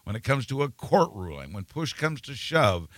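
A man's voice: medium pitch, very animated, moderate pace, a bit bright, dry recording. A man co-hosting a political talk show, offering dry, wry one-liners and firm assertions. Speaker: co-host.

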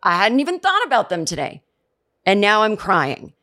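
A woman's voice: mid-range voice, huge pitch swings, moderate pace, sharp tone. A middle-aged woman hosting a comedy podcast, delivering a sarcastic, profane comedic rant. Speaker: podcast host. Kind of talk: comedic monologue.

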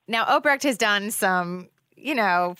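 A woman's voice: medium pitch, animated, slow, bright, forceful tone, clear, resonant tone, dry recording, studio quality. A woman interviewing an actress, asking her questions lightly and laughing between them. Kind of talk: interview conversation.

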